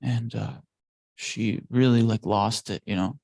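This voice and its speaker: Class speaker, male, gravelly and mellow, rambling storyteller who keeps correcting himself. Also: medium pitch, a little slow, no echo, rough recording. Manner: meandering, self-correcting.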